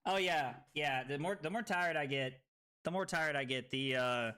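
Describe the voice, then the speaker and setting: A man streaming a card game, tipsy from drinking, who breaks into loud excited outbursts and giggly laughter. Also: a little high, normal speed, clean tone. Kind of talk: live stream gameplay commentary.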